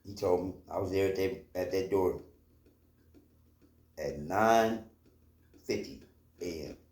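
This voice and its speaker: A man's voice: sits low, slow, darkish tone. A man casually telling a personal story from his own life, rambling, with lots of fillers and swearing. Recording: roomy echo.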